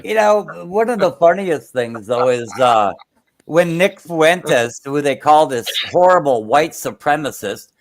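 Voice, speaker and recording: A man's voice: a little high, lively intonation, a little slow. Blunt, crude-talking man in casual chat.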